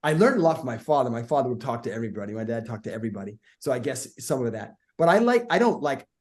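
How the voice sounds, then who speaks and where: A middle-aged man, a guest speaker, telling energetic stories in a podcast conversation and acting out the voices in them. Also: mid-range voice, racing. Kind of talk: animated storytelling in a podcast conversation.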